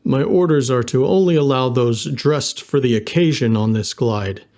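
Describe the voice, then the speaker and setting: A large bearded man acting as a self-important guard, slow and suspicious in his speech, as a narrator voices him. The voice stays at a middling male pitch, close to the narrator's own. An audiobook bully taking his post too seriously. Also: a little mellow, close to an everyday voice. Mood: officious.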